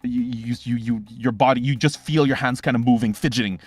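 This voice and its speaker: This young game master, medium in pitch and recorded with no echo, runs a tabletop game. His narration is fast and animated, full of sound effects and quick restarts.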